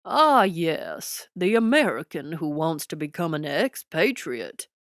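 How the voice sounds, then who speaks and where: A woman voicing an older male American president with a booming, slightly raspy voice and a Texas twang, in an audiobook. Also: sing-song, slow, no room sound, clean studio sound, heavily acted. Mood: folksy. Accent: Texas twang, put on.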